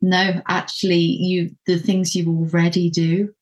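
Affirming female podcast host, lower voice. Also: level tone, a little slow. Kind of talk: casual podcast interview.

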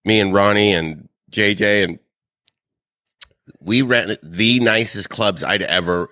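Low-voiced man telling easygoing stories. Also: takes it slowly, sharp tone, no room sound. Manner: easygoing anecdotal storytelling. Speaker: podcast co-host. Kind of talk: casual chat.

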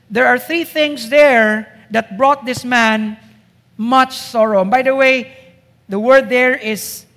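Amid the long reverb of a hall, a man preaches a sermon to his congregation with emphasis, pressing his points through repeated rhetorical questions. His voice is very high and a bit bright.

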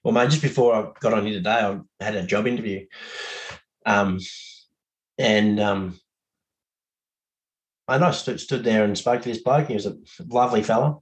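A man's voice: on the low side, normal speed, long pauses, poor audio. A man with an Australian accent, a podcast guest chatting in a laid-back way, laughing easily and swearing. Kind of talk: casual podcast chat.

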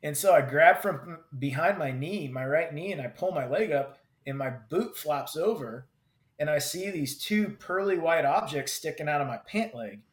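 A combat veteran telling a personal story in vivid, halting bursts with many restarts. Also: male voice, fairly high pitch, expressive. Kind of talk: personal story told in conversation. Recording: roomy echo.

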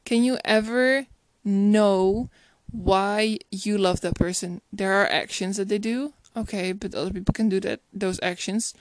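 A woman's voice: mid-range voice, fairly even intonation, measured pace, background noise. A woman talking casually about a romantic film, chatty and reflective, often laughing and restarting her sentences. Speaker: film reviewer. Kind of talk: casual spoken movie commentary.

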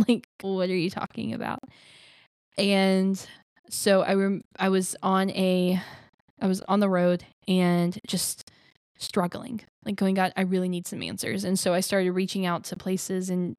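A woman's voice: medium pitch, level tone, unhurried, a little mellow, no room sound. A young woman from Alabama, a life coach, telling her personal story in an earnest, chatty way with many fillers.

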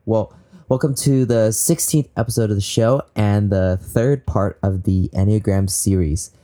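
A man's voice: fairly low pitch, fairly even intonation, measured pace, warm tone, faint music behind. A young man from Southern California hosting a faith podcast, upbeat and eager, laughing often. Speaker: podcast host. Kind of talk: casual faith podcast talk.

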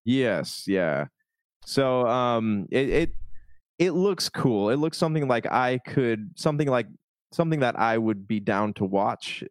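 A man co-hosting a casual movie discussion, hedging and thinking out loud as he talks. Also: medium pitch, expressive, a little slow, no room sound.

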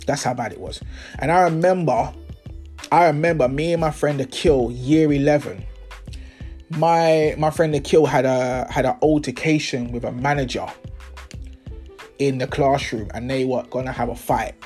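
A man's voice: mid-range voice, steady tone, normal speed, a little mellow, faint music behind. A young man, hosting a podcast and telling stories in a casual, slangy, swearing way, acting out the people he talks about. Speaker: podcast host. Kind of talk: casual storytelling monologue.

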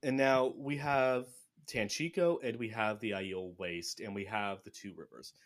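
Animated man recapping a fantasy book. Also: on the low side, unhurried. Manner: animated, acts out characters' lines. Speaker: podcast host recapping a book. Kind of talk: casual chat.

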